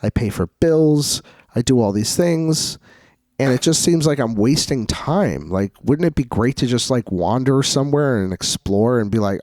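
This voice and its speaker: A man's voice: medium pitch, lively intonation, normal speed, a little mellow, dry recording. A young man co-hosting a podcast, rambling through a story and acting out quoted lines in casual chat. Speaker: co-host.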